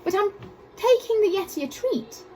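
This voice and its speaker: A woman voicing an eager young boy explorer who shouts with excitement. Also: extremely high pitch, normal speed, faint music behind, voice pushed up. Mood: apologetic.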